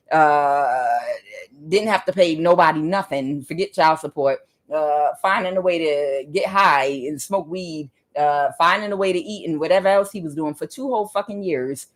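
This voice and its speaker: A woman giving a casual tarot reading, talking emphatically and often checking in with "okay?". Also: deep voice. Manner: emphatic, keeps asking "okay?", ranting asides. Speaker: tarot reader.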